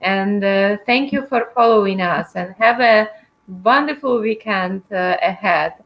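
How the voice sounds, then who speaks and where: A woman hosts a casual interview in a mid-pitched voice. She talks in a friendly way and searches for words as she asks her questions. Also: highs cut off. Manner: friendly, halting, with many fillers. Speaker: interview host. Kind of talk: casual video-call interview.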